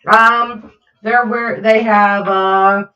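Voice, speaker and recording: A woman running a tabletop game as game master, narrating in a relaxed, halting way. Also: mid-range voice. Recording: echoey, dull lo-fi mic.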